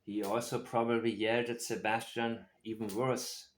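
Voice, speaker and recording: A man's voice: lowish voice, level tone, moderate pace. Male commentator in an echoey room. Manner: dry, mocking asides. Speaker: commentator and host. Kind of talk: reaction commentary.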